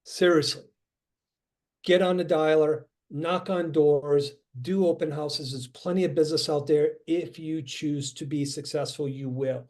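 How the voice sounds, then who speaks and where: A middle-aged man, a real estate coach, giving an energetic motivational talk on a video call and acting out phone calls as he tells stories. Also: on the high side, a little slow.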